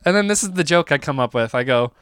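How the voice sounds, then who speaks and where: Smooth-voiced man telling rambling stories. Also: on the high side, animated, fast, fairly bright tone, dry recording, studio quality. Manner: rambling, self-mocking, lots of restarts and laughs. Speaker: podcast co-host. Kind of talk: casual comedic storytelling.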